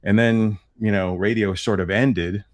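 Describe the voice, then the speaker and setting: A middle-aged man talks casually as a podcast guest, his voice very low and naturally projected. He chats easily and laughs often. The sound is dry and close, with no room around it. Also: fairly even intonation, measured pace, no room sound. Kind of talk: casual interview chat.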